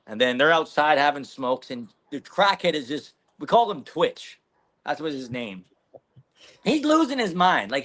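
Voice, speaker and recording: A man's voice: medium pitch, fairly bright tone. A man, a podcast guest telling a rambling, profane story in casual chat. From Canada.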